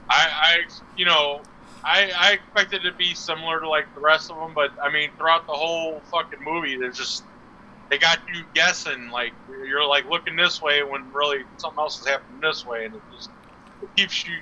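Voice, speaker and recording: A man co-hosting a live stream show tells crude stories full of swearing and laughter in casual chat. His voice is a little high with a sharp tone, and the audio is dull with a little hiss or hum.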